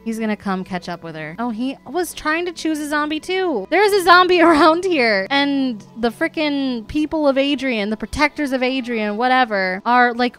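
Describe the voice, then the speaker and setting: A woman hosts a gaming video in chatty let's-play commentary and keeps exclaiming at the characters on screen. Her voice sits a little high and sounds smooth and clear. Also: a bit bright. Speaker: gaming channel host.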